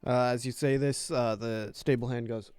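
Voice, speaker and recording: A man narrating a tabletop game as game master, pausing often with fillers. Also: medium pitch, steady tone, darkish tone, clean tone, no room sound. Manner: hesitant, many fillers.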